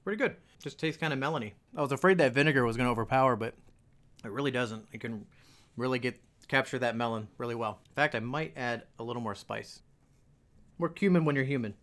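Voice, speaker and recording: A man's voice: mid-range voice, quick pace, fairly bright tone. A young adult man hosting a casual home cooking video, walking viewers through a recipe with jokey asides in a home kitchen.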